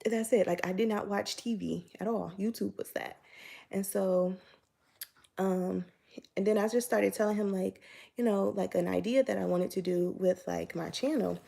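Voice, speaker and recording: A woman's voice: mid-range voice, fairly even intonation, moderate pace, creaky, dark tone. A young woman telling a personal story in a chatty, casual storytime vlog, full of "like" and acting out both sides of conversations. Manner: chatty, filler-heavy, acts out both sides of dialogue. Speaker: YouTuber.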